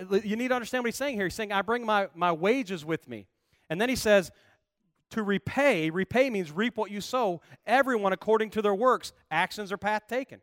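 A male pastor preaching a sermon, emphatic, building to loud, passionate calls to the congregation. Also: high-pitched, no room sound, studio quality.

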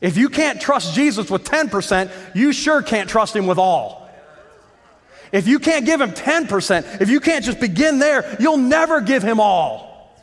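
High-voiced preacher in a reverberant hall. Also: male voice, big pitch swings, measured pace. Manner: impassioned preaching with repeated phrases and rhetorical questions. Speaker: pastor. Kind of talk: sermon.

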